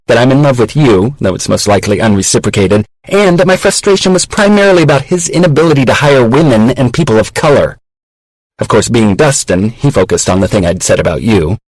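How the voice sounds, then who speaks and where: A man's voice: lowish voice, no echo, close to an everyday voice, poor audio. A wry confiding woman professor, read by a man. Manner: confessional and self-mocking. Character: wry, candid woman professor in her thirties.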